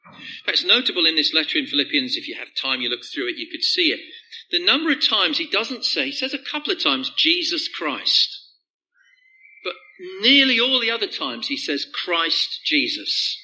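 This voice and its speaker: A man delivers a conversational sermon with a very bright, ringing voice. He sits a little high in pitch and keeps it lively, then drops softly to stress the key phrases. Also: poor audio. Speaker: preacher.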